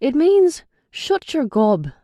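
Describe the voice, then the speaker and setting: A woman's voice: high-pitched, very animated, slow, mellow, dry recording, studio quality, pitched above the performer's own voice, full character voice. A woman voicing a bossy, hot-tempered supernatural young man who scolds and commands. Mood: teasing.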